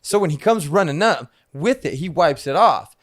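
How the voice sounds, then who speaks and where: A man's voice: on the high side, animated, normal speed, dry recording, studio quality. A man co-hosting a podcast, telling a rambling, profane story in casual chat. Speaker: podcast co-host.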